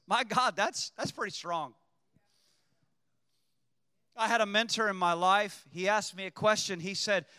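Guy preaching a sermon, bright sharp voice, dry close sound, gets loud and shouty. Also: high voice, clear, resonant tone, dry recording, in a large hall. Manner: preaching with surges to shouting emphasis. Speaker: pastor.

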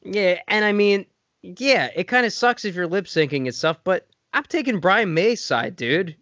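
A man hosting a podcast in casual chat, animated and swearing as he gets worked up. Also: high voice, moderate pace, no echo. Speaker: podcast host. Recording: dry, dull lo-fi sound.

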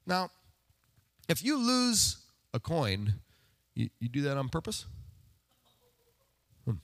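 Lively, conversational male preacher. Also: on the high side, slow pace, pauses often. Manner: conversational, asks the congregation rhetorical questions; self-deprecating humor. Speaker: pastor. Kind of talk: sermon.

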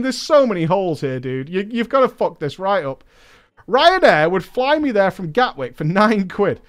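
A man reading a story aloud with comedic commentary, breaking off for mocking, sweary asides. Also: a little high. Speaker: podcast host reading a listener story.

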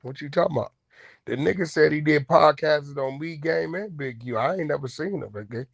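A man hosting an online talk room, naturally loud, blunt and aggressive, with profane casual speech. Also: on the high side, brisk, gravelly, husky, no room sound. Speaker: host. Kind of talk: heated casual chat. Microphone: online audio room.

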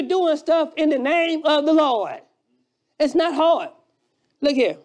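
A preacher delivering an emphatic sermon, shouting key lines and repeating phrases for effect, with quieter, quicker asides in between. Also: high voice, expressive. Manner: drops to a quiet, fast aside at times.

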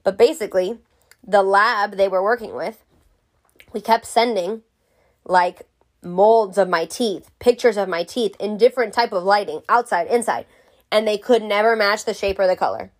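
A woman's voice: medium pitch, normal speed. A woman vlogger telling a story to camera in a casual way. She is frank, jokey and swears freely.

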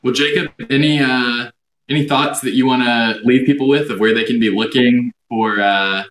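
Man, interview host, casual prompting question, middle pitch, roomy echo. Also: steady tone, moderate pace, fairly bright tone. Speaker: podcast host.

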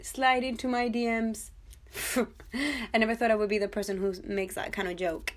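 Chatty twenty-something woman doing a podcast review, jokey and excitable, talks right to the listener. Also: fairly high pitch, normal speed. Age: 20s. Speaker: podcast host. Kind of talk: casual TV episode review.

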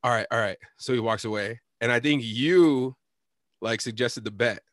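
A man in casual chat, telling a bar story in an animated, profane way, laughing and acting out what people said. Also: mid-range voice, moderate pace, dry recording, studio quality. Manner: animated, profane, laughs often, acts out quotes.

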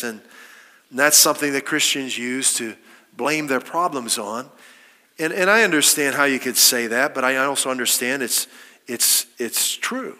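Bright-voiced preacher in a reverberant hall. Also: male voice, fairly high pitch, unhurried. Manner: emphatic, rhetorical questions, quoting scripture. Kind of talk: sermon.

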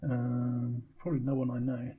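A man's voice: mid-range voice, completely flat delivery, moderate pace, dark tone, husky. A man co-hosting a casual film review podcast, talking with many ums and restarts. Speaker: podcast co-host.

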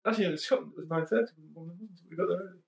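Gravelly man hosting in an echoey room. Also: sits high, very fast. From United Kingdom. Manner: chatty, rambling, with frequent ums and self-corrections. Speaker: podcast host. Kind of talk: casual conversational podcast chat.

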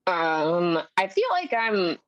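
A woman's voice: lowish voice, sing-song, slow, no room sound, dull audio. A young adult woman chatting as a podcast guest over a video call. She rambles, fills her talk with "like" and acts out other people's lines. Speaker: guest comedian. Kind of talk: casual chat.

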